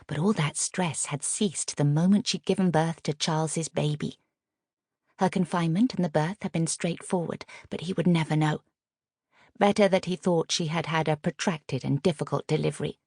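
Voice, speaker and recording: Low, gravelly woman narrator. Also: a little mellow, dry recording, studio quality. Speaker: audiobook narrator. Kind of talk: scripted narration.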